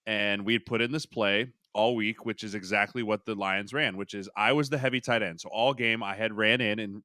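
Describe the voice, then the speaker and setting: A man, a former football lineman, guesting on a podcast and telling a story with animated, acted-out quotes. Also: fairly low pitch, fast talker, hardly any pauses, no room sound. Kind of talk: casual storytelling.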